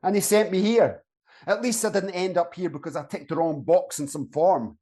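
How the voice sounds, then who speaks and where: A man's voice: sits high, normal speed, mellow. A man playing a sarcastic, rebellious soldier in an audio comedy, dry and sardonic.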